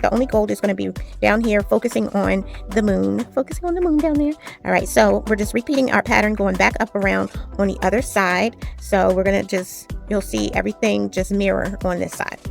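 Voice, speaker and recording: A woman chatting casually while she strings beads, telling a long story with lively retellings. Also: medium pitch, gravelly. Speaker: jewelry-making vlogger. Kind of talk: casual chat while beading.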